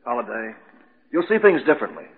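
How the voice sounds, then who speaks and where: A man plays a steady doctor coaxing a friend in a vintage radio drama, with a lively, varied delivery. The tinny old recording has a hall-like echo. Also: medium pitch, quick pace, breathy edge. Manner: coaxing, pleading calmly. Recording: tinny band-limited old recording, echoey.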